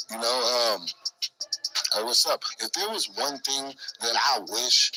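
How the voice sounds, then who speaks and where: A man telling his side of an incident in an animated personal story, acting out quoted dialogue and repeating himself. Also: medium pitch, normal speed, over music, low-quality recording.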